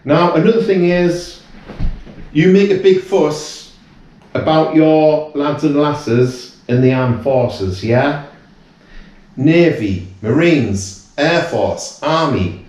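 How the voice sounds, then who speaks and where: A man's voice: fairly high pitch, slow pace, darkish tone. A British man in his fifties, a guest in casual chat, talking earnestly and rambling with many restarts. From United Kingdom. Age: 50s. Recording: very echoey room, away from mic.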